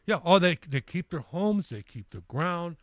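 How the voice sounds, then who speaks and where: A man in his sixties hosts a live stream and spins a travel story in a rambling, easygoing way. He repeats words and restarts sentences as he goes. His voice sits a bit high for a man, and the sound is dry and close. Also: animated, normal speed, no echo. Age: 60s. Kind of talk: casual storytelling.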